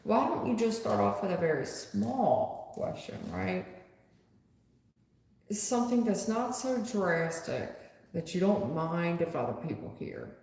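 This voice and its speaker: A woman's voice: medium pitch, animated, unhurried, creaky, darkish tone. A woman tarot reader chatting bluntly with viewers on a live stream. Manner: blunt, chatty, talks straight to the chat. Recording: echoey room with long reverb.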